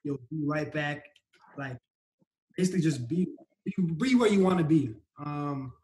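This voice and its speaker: A man who is a sprinter, a guest in a casual conversation, thoughtfully recalling his past with many pauses. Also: a little high, lively intonation, darkish tone, echoey room, a little hiss or hum, rough recording. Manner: reflective, hesitant with many ums.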